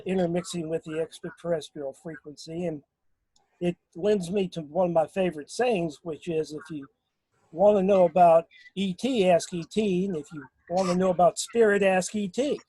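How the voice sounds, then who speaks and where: A man talking casually in a remote group discussion, halting, with many fillers and restarts. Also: high voice, warm tone, husky, no echo, rough recording. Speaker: guest on a paranormal discussion.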